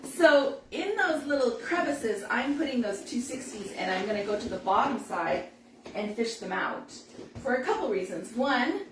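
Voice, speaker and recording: A chatty woman with a fairly high voice talks through a hands-on balloon demonstration, laughing easily as she goes. She sounds set back from the microphone in a roomy space, with faint noise underneath. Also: expressive, normal speed, distant mic. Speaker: balloon instructor. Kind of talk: live demo tutorial.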